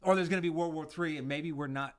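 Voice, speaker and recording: A man from the United States co-hosting a casual podcast chat, telling stories with lots of swearing and sudden jumps in pitch and loudness. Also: fast talker. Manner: profane, animated storytelling with swings in pitch and loudness. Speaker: podcast co-host, veteran.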